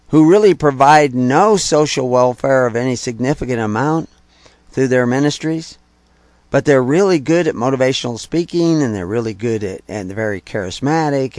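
A man's voice: medium pitch, a little mellow, no room sound. Emphatic male preacher, dry close sound. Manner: emphatic, repeats key phrases; conversational with restarts and rhetorical questions. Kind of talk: sermon-style teaching talk.

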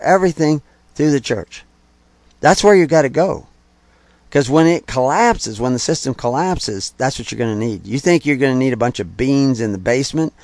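A man's voice: medium pitch, a little mellow, no room sound. Emphatic male preacher, dry close sound. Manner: emphatic, repeats key phrases; conversational with restarts and rhetorical questions. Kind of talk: sermon-style teaching talk.

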